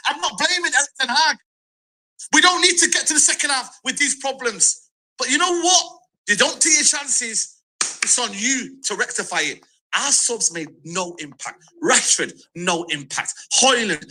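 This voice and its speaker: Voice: mid-range voice, animated, measured pace, sharp tone, rough recording. A football fan in a ranting video clip, speaking in an emphatic, repetitive, frustrated way.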